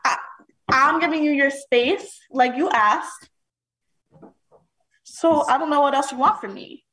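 A woman's voice: high-pitched, a little slow, fairly bright tone, poor audio. A woman co-hosting a podcast, making her case in assertive casual debate and explaining at length. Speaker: podcast co-host.

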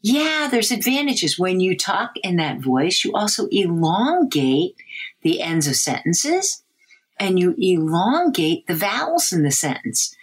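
A middle-aged woman researcher explains how babies learn language, her low-set voice slightly husky. She speaks slowly and lets her pitch swing widely, animated and expressive. In her examples she slips into a high sing-song voice. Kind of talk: interview answers.

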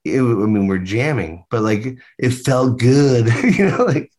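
A man's voice: mid-range voice, expressive, a little slow, darkish tone. A man, a band member, chatting loosely in a video-call interview, rambling with lots of fillers and the odd swear.

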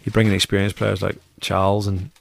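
Gravelly-voiced former keeper telling stories. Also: male voice, fairly low pitch, flat delivery, brisk. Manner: chatty, anecdotal, repeats phrases. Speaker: former goalkeeper, interview guest. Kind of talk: casual storytelling interview.

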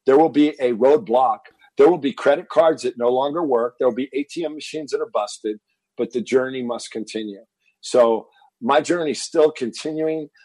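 A man in his fifties from Texas, telling a personal story as a guest in an interview, animated and getting louder as he relives the moment. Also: mid-range voice, moderate pace, dry recording, poor audio. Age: 50s. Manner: animated storyteller, rises to shouting when reliving anger. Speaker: fitness entrepreneur guest.

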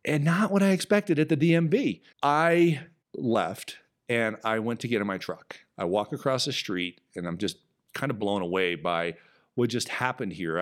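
A man with a fairly low voice tells a story as a podcast host. His delivery is animated and emphatic, with his pitch jumping up for emphasis. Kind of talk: storytelling monologue.

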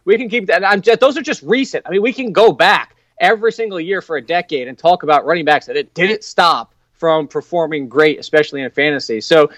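A man appearing as a guest analyst on a casual sports podcast, talking in an animated way, chuckling often and stacking up rhetorical questions. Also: a little high, a little fast, hardly any pauses, no room sound. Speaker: fantasy football analyst guest.

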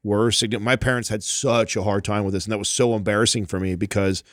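A man co-hosting a casual chat, telling stories in an animated way, full of "like" and "bro". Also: on the low side, quick pace, no echo, studio quality. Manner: animated storytelling, frequent "like" and "bro". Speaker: podcast co-host.

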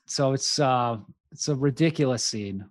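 A man talking through a movie plot on a podcast with loose, animated energy, slipping into quick character voices as he goes. The sound is close and dry, with no room around it, and his pitch sits in an ordinary middle range. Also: no echo. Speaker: podcast co-host. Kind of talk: casual chat recapping a movie.

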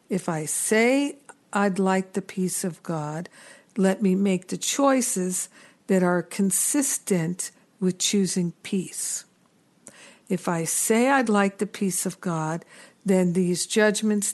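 A middle-aged woman hosting a reflective spiritual teaching talk, earnest and unhurried, with gentle self-deprecating asides. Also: mid-range voice. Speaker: spiritual teacher and podcast host.

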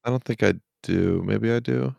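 Deep-voiced guy w hiccups rambling about football, swears a lot, dry sound. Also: normal speed, creaky, a little mellow, dry recording. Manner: rambling, swears casually, self-deprecating. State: has the hiccups. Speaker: podcast co-host. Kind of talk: casual sports chat.

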